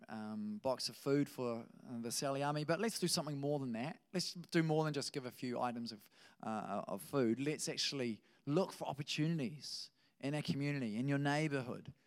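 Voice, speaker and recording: A man's voice: fairly high pitch, clear, resonant tone. A male pastor giving a conversational sermon, telling stories with frequent restarts.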